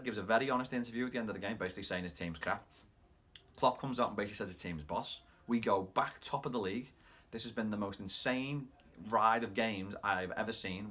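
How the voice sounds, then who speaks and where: A man with a Scouse accent hosting a football fan channel, recapping a match with animated, rapid play-by-play commentary. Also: fairly low pitch, slightly rough.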